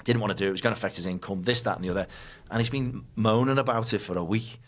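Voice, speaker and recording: Male podcast host, low voice, blunt and emphatic, swears a lot, casual. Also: very fast. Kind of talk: casual conversation.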